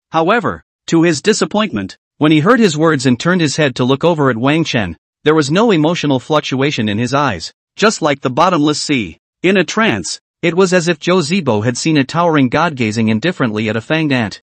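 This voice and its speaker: Male narrator, scripted recap, higher lively voice, dry. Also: a little fast, no echo.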